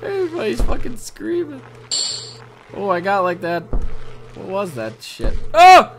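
A young man doing excitable let's play commentary, yelping, shouting and swearing at game mishaps. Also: high-pitched, unhurried, noisy background. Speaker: gaming video host.

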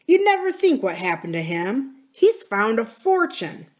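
A woman reading aloud and voicing a tired, suspicious young farmer who talks bluntly and loudly. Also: a little high, very animated, measured pace, voice pushed up.

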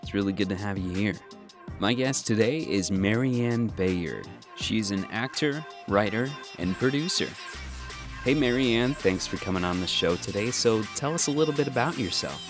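A man hosting an interview podcast, asking questions in a relaxed, friendly way. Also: fairly low pitch, moderate pace, music in the background. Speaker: podcast host. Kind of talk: casual interview chat.

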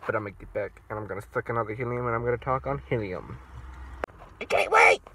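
A man vlogging casually to the camera in a playful, excitable way, by his car outdoors. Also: mid-range voice, very fast, noisy background. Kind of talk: casual vlog talking to camera.

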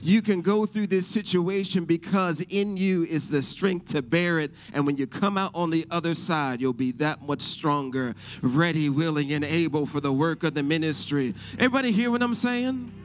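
A middle-aged man preaching a sermon as pastor. He keeps asking the congregation if they hear him and builds to loud shouts. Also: fairly high pitch, steady tone, moderate pace, hardly any pauses, a little hiss or hum. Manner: preaching with call-and-response questions, rising to shouts.

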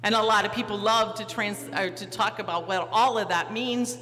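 Bright-voiced pastor preaching in a church. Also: medium pitch, moderate pace. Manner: storytelling, acting out the disciples, posing questions to the listeners. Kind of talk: sermon. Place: church sanctuary. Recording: reverberant church hall, faint hum.

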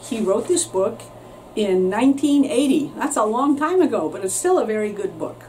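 Woman reading a kids' story, expressive lively pitch, distant mic, faint noise. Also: moderate pace. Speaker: teacher reading aloud.

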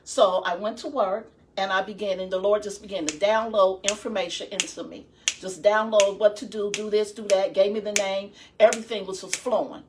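A woman's voice: mid-range voice, steady tone, moderate pace, a little hiss or hum. A middle-aged woman guest giving a personal testimony, telling her story conversationally and quoting her own prayers. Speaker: guest, founder of a support ministry. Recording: distant mic.

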